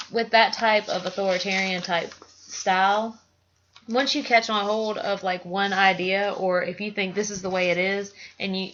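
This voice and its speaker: A woman co-hosting a podcast, thinking aloud in a rambling casual way with many fillers. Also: medium pitch. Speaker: podcast co-host. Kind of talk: casual chat. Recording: dull lo-fi with faint noise.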